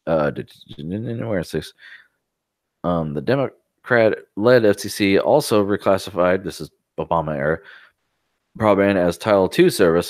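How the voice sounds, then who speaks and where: A man's voice: low voice, dry recording, studio quality. A man co-hosting a casual podcast, reading news articles aloud and adding sarcastic asides. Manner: sarcastic asides between read passages. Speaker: podcast co-host.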